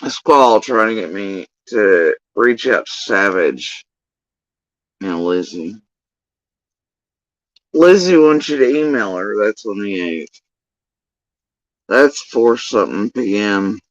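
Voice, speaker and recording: A man's voice: lowish voice, lively intonation, takes it slowly, pauses often, dry recording, highs cut off. A man telling a long story in a casual commentary rant, profane, rambling and exasperated.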